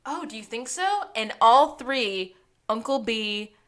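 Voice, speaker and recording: A woman's voice: a little high, slow. A woman co-hosting a casual rewatch podcast, recapping scenes and acting out the characters' lines with lots of laughter. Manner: animated, acts out characters' lines while recapping, laughs often. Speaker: podcast co-host.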